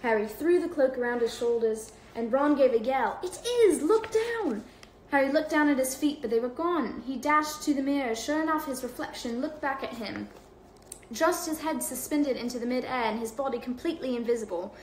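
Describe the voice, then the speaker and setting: A young woman reading a storybook aloud on a livestream, relaxed and laughing off her own slips. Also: high voice, brisk, slight background noise. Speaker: host. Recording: echoey room.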